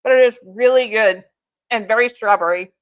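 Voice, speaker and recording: Woman, tea shop host, live stream chat, upbeat, fairly high voice, lo-fi audio. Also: normal speed, dry recording. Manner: chatty and upbeat, with fillers and laughs.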